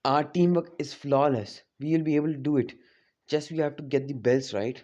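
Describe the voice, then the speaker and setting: A man's voice: fairly high pitch, steady tone, normal speed, warm tone, natural voice. Cocky mocking teen ninja boy, guy telling the story, muffled lo-fi sound. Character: cocky overpowered teenage male ninja. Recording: dull lo-fi recording.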